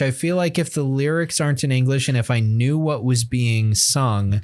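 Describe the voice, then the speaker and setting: A man's voice: mid-range voice, moderate pace, a little mellow, no room sound. A man co-hosting a casual music podcast, rambling with many fillers and restarts. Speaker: podcast co-host. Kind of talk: casual chat.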